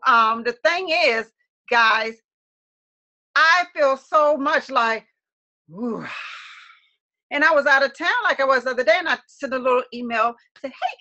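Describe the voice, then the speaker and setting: A woman's voice: sits high, pushed and bright, muffled recording. A woman co-hosting a webcast, chatting casually to viewers and acting out quotes with lots of laughter. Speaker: webcast co-host.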